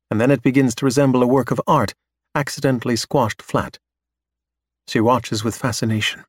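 A man reading a story aloud in steady, measured scripted narration. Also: medium pitch, dry recording, clean studio sound.

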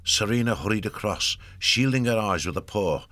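A man narrating an audiobook in a steady, measured storytelling manner, recorded on a close studio mic. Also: fairly low pitch, no room sound.

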